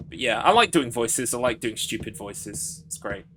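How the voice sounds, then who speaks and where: A man's voice: medium pitch, animated, moderate pace, fairly bright tone, slight background noise. A British man streaming a horror game, chatting casually in a rambling, self-deprecating way. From United Kingdom. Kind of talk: casual live-stream chat. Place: home streaming setup.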